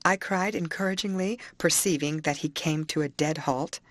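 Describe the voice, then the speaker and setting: A woman reading a classic novel aloud in a steady, measured way, recorded close at home. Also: low-pitched, no room sound. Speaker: audiobook reader.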